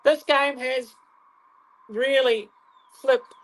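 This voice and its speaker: A woman in her forties hosting a live fan watch-along, calling the match with excited exclamations and frequent restarts. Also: sits high, extremely slow, rough recording. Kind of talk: live fan commentary without game footage.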